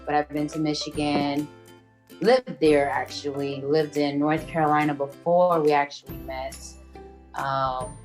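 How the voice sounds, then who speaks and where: A woman's voice: sits low, level tone, unhurried, darkish tone, faint music behind. A woman in her thirties from Rhode Island, chatting easily with lots of ums and small laughs as a guest talking about her business. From Rhode Island, USA. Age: 30s. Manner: giggly, easygoing, lots of ums. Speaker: guest, screen-print business owner. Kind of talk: casual interview chat.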